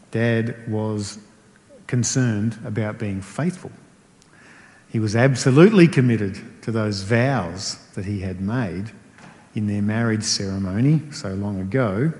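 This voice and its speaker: A man's voice: on the low side, darkish tone. A middle-aged man preaching a conversational sermon, stacking repeated rhetorical phrases. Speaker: pastor. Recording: long hall reverb.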